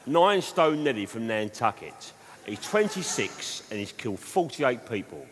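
A man's voice: medium pitch, very animated, unhurried, a bit bright. Man telling stand-up stories on stage. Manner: conversational, rambling anecdotes. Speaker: comedian. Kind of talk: live stand-up storytelling. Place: live theatre stage. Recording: reverberant live hall with noise.

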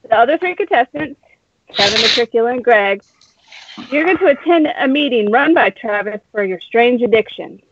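Woman, improv game organizer, brisk, fairly high voice, muffled audio. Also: expressive, slightly rough. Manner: brisk, laughs easily. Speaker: scene organizer giving points.

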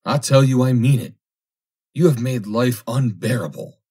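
A man's voice: medium pitch, normal speed, darkish tone, slightly rough, voice pushed up, close to an everyday voice. A man reading aloud, voicing a jealous young man who pleads and then threatens. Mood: pleading. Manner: pleading and bitter. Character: jealous, possessive young man, obsessive suitor.

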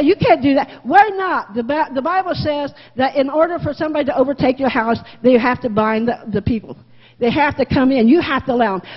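A woman teaching a Sunday school lesson in a folksy, candid way, often repeating her phrases. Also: high-pitched. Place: church classroom. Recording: muffled reverberant room recording.

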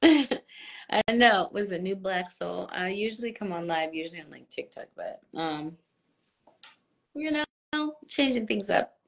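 A woman chatting casually on a live stream, answering viewers and mixing in halting French and Spanish. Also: mid-range voice, animated, creaky. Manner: chatty, switches between English, French and Spanish.

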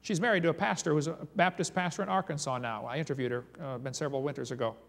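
Man lecturing in a booming hall. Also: rapid-fire, creaky. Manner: animated, reads eyewitness quotes aloud with emphasis. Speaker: creation seminar speaker. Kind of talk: lecture with dramatic storytelling. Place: large hall or church. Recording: long reverb from a hall.

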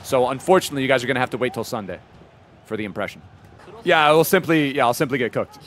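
A man's voice: mid-range voice, fast, fairly bright tone, a little hiss or hum. A young man streaming games and chatting casually with his viewers in a laid-back way. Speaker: game streamer.

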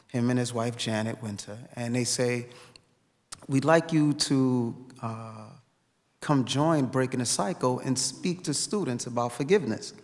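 A man from Brooklyn giving an earnest personal tribute speech, telling his story with some repetition. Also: medium pitch. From Brooklyn, New York. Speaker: speaker at a memorial event. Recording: long hall reverb.

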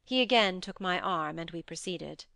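A woman narrating a classic short story as an audiobook, in measured, steady storytelling. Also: lowish voice, gravelly, no echo. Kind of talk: scripted narration.

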